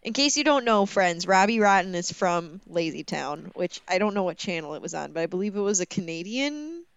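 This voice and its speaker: A woman's voice: on the low side, sing-song, brisk, vocal fry, clear, resonant tone, no echo, lo-fi sound. A young woman co-hosting a podcast in casual chat, giggly and bubbly, saying "like" often. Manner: bubbly, giggly, says "like" a lot. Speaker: podcast co-host.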